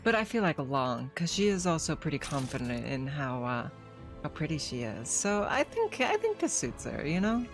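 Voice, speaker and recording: A woman's voice: deep voice, wildly swooping pitch, moderate pace, faint music behind. A young woman streamer chatting casually over a game, swearing now and then. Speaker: VTuber streamer.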